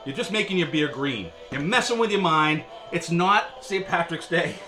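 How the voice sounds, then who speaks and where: A man's voice: on the high side, lively intonation, normal speed, pushed and bright, faint music behind. A man hosting a casual beer review video, chatty and wry, with a lot of filler words. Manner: chatty, joking, with frequent filler; wry and sarcastic.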